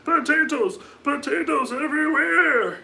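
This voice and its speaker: A frantic fool yelling about potatoes in a piercing, bright falsetto, as a man puts on a silly voice. He screams, draws the words out slowly and sounds strained and manic. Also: vocal fry, heavily acted. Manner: shrill, screaming, over-the-top.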